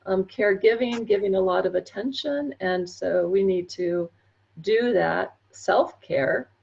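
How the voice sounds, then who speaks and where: A woman, a therapy trainer, speaking slowly and reflectively in an online workshop over a video call. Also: medium pitch, creaky, lo-fi sound. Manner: slow, reflective, gentle.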